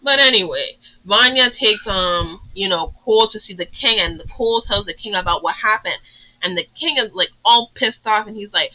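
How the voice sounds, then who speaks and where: A YouTuber casually rambling through a cartoon recap, with constant "like" and "you know" and quick acted-out character lines. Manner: briefly acts out characters' lines in higher pitch. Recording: tinny phone-like audio.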